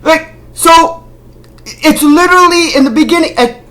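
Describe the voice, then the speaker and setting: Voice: sits high, measured pace, fairly bright tone. A film critic vlogger ranting casually, sarcastic and exasperated, firing rhetorical questions and scolding the director directly. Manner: rhetorical questions, repeated disbelief.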